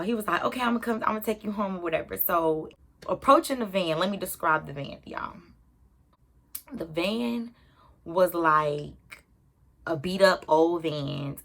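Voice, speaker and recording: A young adult woman telling a personal story to her viewers in an animated, chatty way. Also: low-pitched. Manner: animated, talks straight to viewers. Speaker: YouTuber. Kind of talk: storytime vlog.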